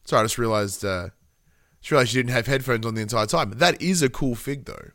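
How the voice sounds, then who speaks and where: Australian man, thirties, podcast co-host, casual rambling chat, self-deprecating, mid pitch, dry sound. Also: fast, fairly bright tone, no echo. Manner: rambling, self-deprecating storyteller with many fillers.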